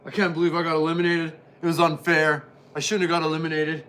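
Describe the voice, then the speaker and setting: A man playing a male football player griping in a rush about unfairness, with an indignant, complaining manner. The voice is bright and edged, slightly high for a man. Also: level tone, fast, smooth, natural voice. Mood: whining. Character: whiny sore-loser male football player.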